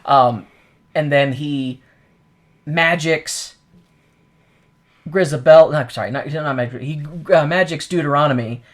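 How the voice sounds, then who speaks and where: This is a casual podcast co-host who retells a film scene by scene. The delivery is animated and salted with curses, and the speaker drops into brief quoted voices before snapping back to plain chat. The pitch sits in a middling range. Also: measured pace, pauses often.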